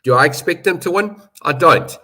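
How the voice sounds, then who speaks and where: A man's voice: a little high, expressive, brisk, bright, forceful tone. Middle-aged south african guy hyping up his bets, emphatic, keeps repeating himself. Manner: emphatic, storytelling, repeats for stress. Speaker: rugby betting pundit. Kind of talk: casual studio discussion.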